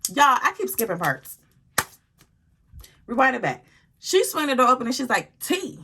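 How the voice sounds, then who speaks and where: Woman doing a storytime vlog, talks straight to viewers, slangy, cusses, expressive. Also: fairly high pitch, normal speed, a little hiss or hum. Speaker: vlogger telling a story. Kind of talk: casual storytime monologue.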